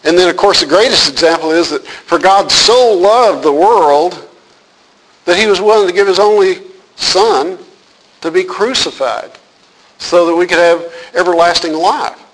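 Pastor, male, slightly high-pitched, preaches in a conversational, storytelling way and asks the room questions. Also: measured pace, a bit bright, poor audio. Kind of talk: sermon.

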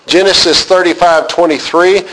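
A man teaching a Bible class, reading scripture aloud and explaining it with frequent pauses, asking his class questions. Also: high voice, fairly even intonation, a bit bright, poor audio. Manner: unhurried, reads scripture aloud then explains with many "uh" pauses.

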